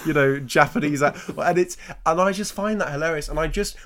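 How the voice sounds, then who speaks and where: A man in casual chat about comedy, talking fast with frequent laughs and restarts. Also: fairly high pitch, fairly bright tone, slight background noise. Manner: chatty, laughs often, restarts a lot. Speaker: podcast co-host.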